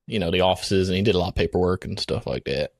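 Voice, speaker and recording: A man's voice: low-pitched, fast, vocal fry, no room sound, studio quality. A man playing a dim-witted rural Southern guest in a comedic podcast, with a put-on Southern accent, rambling and drawling with giggly asides. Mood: amused. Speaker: guest in character. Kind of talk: comedic improv podcast character.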